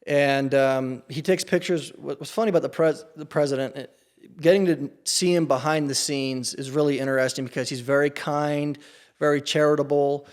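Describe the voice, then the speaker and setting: A man's voice: a little high, steady tone, normal speed. A man who works as a campaign staffer, telling a story as a podcast guest in an earnest, casual way with frequent restarts.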